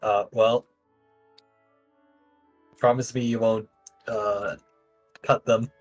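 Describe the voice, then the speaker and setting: A man's voice: fairly low pitch, little pitch movement, extremely slow, faint music behind, low-quality recording. A man playing in a tabletop game, speaking in a hesitant, mild way. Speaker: player. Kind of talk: casual tabletop play.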